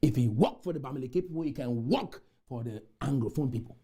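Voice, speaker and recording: A man delivers a rousing motivational talk to a conference crowd. His mellow, dark voice leaps up and down in pitch as he repeats rallying lines and breaks into shouts. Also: lively intonation, a little fast, slightly rough. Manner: exhorting, repetitive chants, bursts into shouts. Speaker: motivational speaker. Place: conference room.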